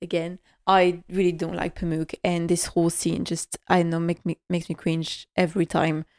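A woman's voice: lowish voice, flat delivery, moderate pace, darkish tone, no echo, clean studio sound. Woman, casual recap chat, chatty, laughs a lot. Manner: chatty, laughs often, restarts sentences. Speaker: podcast host recapping a drama series.

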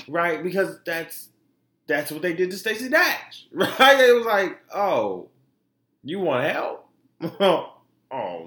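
A man hosting a podcast, giving animated, profane commentary and laughing often. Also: medium pitch, roomy sound. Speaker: podcast host. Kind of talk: casual commentary.

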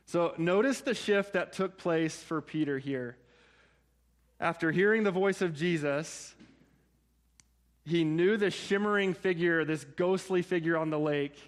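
A man preaching a sermon in a conversational way, often checking in with his listeners through quick asides. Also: a little high. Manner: conversational, frequent "right?" and "like" asides. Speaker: pastor.

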